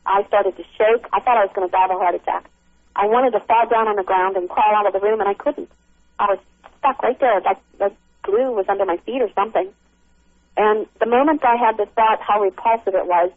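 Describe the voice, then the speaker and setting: A middle-aged woman recounting a frightening encounter over the phone, halting, with many restarts. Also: mid-range voice, gravelly, no echo. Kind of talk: emotional first-person account. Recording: tinny phone line.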